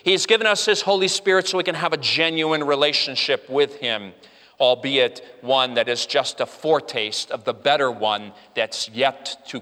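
A man's voice: medium pitch, sharp tone, clean tone. A man preaching a sermon to his congregation, earnest, with frequent "uh" restarts and a voice that rises and falls. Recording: long hall reverb.

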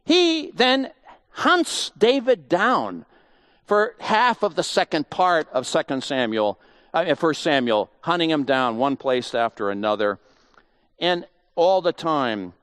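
A man's voice: a little high, a bit bright, clean tone, dry recording, studio quality. A man giving a conversational Bible teaching, emphatic and full of rhetorical questions.

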